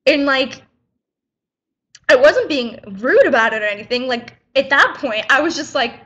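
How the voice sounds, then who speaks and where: A woman's voice: sits high, animated, moderate pace, fairly bright tone, dull audio. A teenage girl in a casual vlog, retelling a run-in in a chatty, indignant way and acting out both sides. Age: teens. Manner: indignant, chatty retelling with quoted back-and-forth. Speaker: high school student vlogger.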